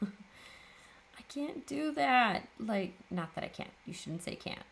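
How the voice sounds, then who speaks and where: A woman's voice: a little high, lively intonation, takes it slowly, creaky, a bit bright. A woman hosting a papercraft video, chatting casually and tiredly as she works, often laughing at herself. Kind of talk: casual chat while crafting.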